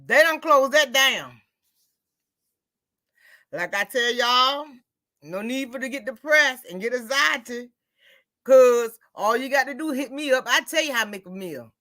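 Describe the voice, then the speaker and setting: A woman talks in a relaxed, chatty way, spinning everyday stories. Her voice sits high and bright. She slips into quoted dialogue as she retells what people said. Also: a little slow, long pauses. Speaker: host. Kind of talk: casual chat.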